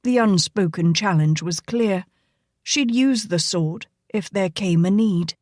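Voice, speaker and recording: A female audiobook narrator reads scripted narration from a historical romance novel in a measured, even, mid-pitched storytelling voice. The recording is dry and close, with no room sound and no echo.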